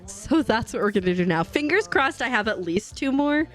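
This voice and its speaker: A woman's voice: a little high, sing-song, normal speed, faint music behind. A woman streaming a game live, chatting casually, laughing often and greeting her chat viewers. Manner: bubbly, giggly, greets chat viewers warmly.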